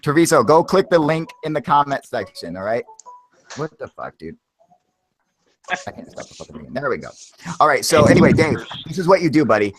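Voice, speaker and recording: Man host, swears constantly, rambles with force, voice sits a bit high. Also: big pitch swings, brisk, long pauses. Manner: heavy swearing, rambling and emphatic. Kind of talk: casual live chat.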